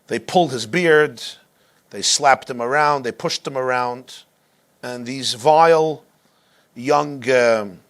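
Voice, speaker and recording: A male rabbi teaching a class, telling a story dramatically and slowing down to stress key moments. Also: mid-range voice, fairly bright tone. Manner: dramatic, slows down for emphasis. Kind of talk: storytelling lecture.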